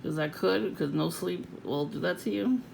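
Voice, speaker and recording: A woman ranting angrily to camera, swearing constantly and jumping to shouts and mocking sing-song. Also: on the low side, normal speed, gravelly, noisy background. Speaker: vlogger. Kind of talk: angry profane rant to camera.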